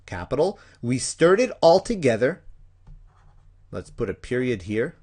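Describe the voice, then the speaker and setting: A man teaching a punctuation lesson, explaining step by step in an animated, playful way. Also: medium pitch, measured pace, breathy edge. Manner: animated, playful, acts out examples.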